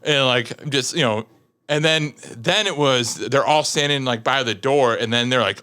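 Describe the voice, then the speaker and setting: This firefighter guest, a man with a Chicago-area American accent, tells a story in a casual chat at normal speed. His medium-pitched voice is bright, forceful, clear and resonant, and he laughs often while packing his talk with fillers and acted-out quotes.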